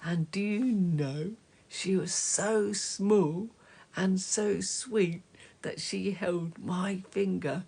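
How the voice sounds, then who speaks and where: A woman reading a children's story aloud, slow and gentle, dropping to soft whispers at times. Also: medium pitch, creaky, breathy edge. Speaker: storybook reader.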